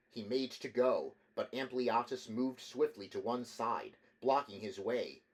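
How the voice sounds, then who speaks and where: A man reading a novel aloud as an audiobook, measured narration with occasional slips and restarts. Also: mid-range voice, low-quality recording. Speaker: audiobook reader.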